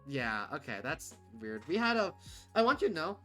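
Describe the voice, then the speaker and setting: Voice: mid-range voice, big pitch swings, normal speed, pushed and bright, faint music behind. A livestreamer chatting casually and bluntly, rambling with many fillers and restarts. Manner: rambling, full of "like" and "um", frequent restarts; candid, blunt, swears casually.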